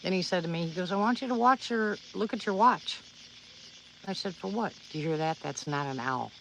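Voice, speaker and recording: A woman's voice: lowish voice, animated, a little fast, a bit bright, a little hiss or hum, poor audio. A woman livestreaming outdoors at night, telling a personal story to her viewers in a rambling, earnest way, with many restarts. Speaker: livestream vlogger.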